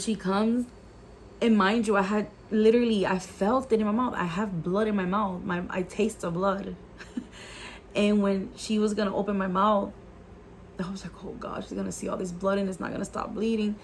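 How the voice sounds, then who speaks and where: A woman's voice: medium pitch, steady tone, moderate pace, slight background noise. Earnest woman sharing a faith testimony. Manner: earnest and emotional, many "like" fillers; mixes in Spanish phrases. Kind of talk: casual testimony storytelling.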